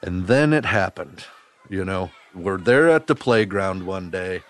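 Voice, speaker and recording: A man's voice: deep voice, lively intonation, a little slow, fairly bright tone. A man from Wisconsin, hosting a children's podcast as a camp counselor, telling a story straight to young listeners with homespun phrases.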